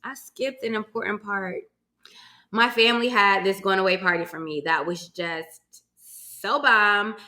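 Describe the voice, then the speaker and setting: Young woman from virginia, bright voice, chatty podcast story, lots of y'all and cussing. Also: mid-range voice, a little slow. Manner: chatty, addresses listeners as y'all, swears casually. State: emotional, holding back tears at times. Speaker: podcast host. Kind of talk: casual solo podcast storytelling.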